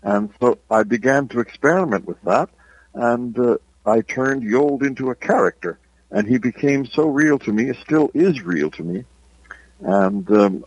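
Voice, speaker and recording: Husky older Irish-accented man. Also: mid-range voice, no echo, muffled recording. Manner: reflective, unhurried, with hesitant pauses. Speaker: author guest. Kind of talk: interview storytelling.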